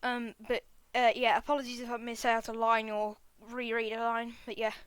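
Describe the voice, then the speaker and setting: A woman reading a whole film script aloud at speed and stopping for quick, offhand apologies to her listeners. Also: on the high side, completely flat delivery, a bit bright, clear, resonant tone, no room sound. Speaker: script reader.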